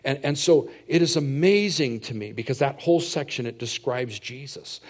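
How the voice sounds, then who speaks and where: A middle-aged man preaching a sermon as a pastor, telling stories and swinging from hushed asides to loud, emphatic points. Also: medium pitch, moderate pace.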